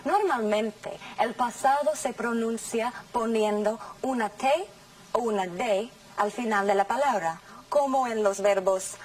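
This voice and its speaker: A woman teaching English in a scripted classroom lesson, saying model sentences slowly and carefully. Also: on the high side, distant mic, low-quality recording. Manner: slow, careful, over-articulated model sentences.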